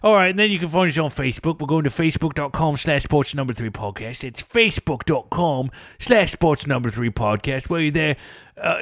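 A man's voice: a little high, a bit bright, no echo, studio quality. A man voicing a rude, greedy man who mocks and insults the hosts while reading contact details. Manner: insulting, mocking, gruff. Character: rude greedy British man demanding cash.

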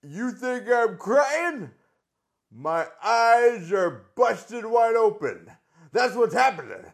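A man doing a comedy impression of a brash, boastful aging male pro wrestler who yells and swaggers. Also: extremely high pitch, big pitch swings, slow pace, creaky, voice pushed up, exaggerated voice. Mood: indignant. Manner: loud, swaggering, with "woo" yells.

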